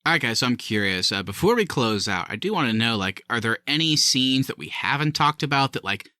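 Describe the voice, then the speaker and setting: A man hosting a casual movie review podcast, animated and quick to laugh as he steers the talk. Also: medium pitch, dry recording, clean studio sound. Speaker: podcast host.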